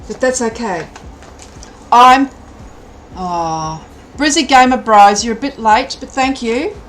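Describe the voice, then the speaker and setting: A middle-aged Australian woman chatting casually on a live stream, animated and thinking aloud. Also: a little high, takes it slowly, low-quality recording.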